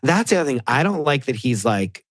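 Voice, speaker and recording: A man's voice: mid-range voice, brisk, no echo, studio quality. Rambling man in casual podcast chat. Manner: rambling, heavy use of "like", animated quoting of others. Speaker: podcast guest.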